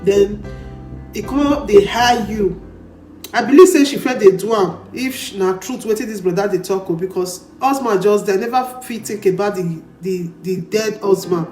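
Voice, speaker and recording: A woman's voice: mid-range voice, normal speed, a little mellow. Nigerian Pidgin woman commenting in an echoey room. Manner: lecturing, drawing lessons. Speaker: channel host. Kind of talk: commentary on a played clip. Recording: roomy echo with faint music.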